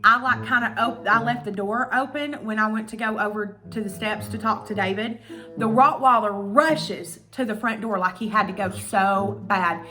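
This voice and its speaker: Young woman doing a storytime vlog, bright sharp voice, swears a lot, ranty and animated. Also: on the high side. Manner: animated, profane and ranting. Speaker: YouTuber.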